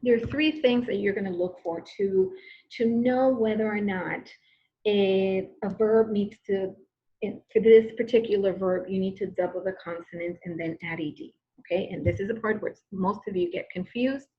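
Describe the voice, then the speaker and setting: A woman's voice: mid-range voice, steady tone, normal speed, lo-fi sound. A woman teacher giving a recorded grammar lesson, patient and repetitive, often checking in with "okay?".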